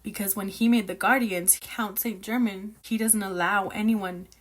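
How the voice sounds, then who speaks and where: A woman chatting casually about a novel she is reading, excitable, opinionated and rambling as she reacts. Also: medium pitch, normal speed. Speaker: book reviewer reacting while reading. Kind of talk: casual book reaction chat.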